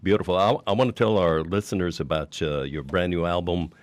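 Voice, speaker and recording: An older man hosting a radio interview, rambling with pauses and gushing with praise. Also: sits low, no echo. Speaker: radio show host.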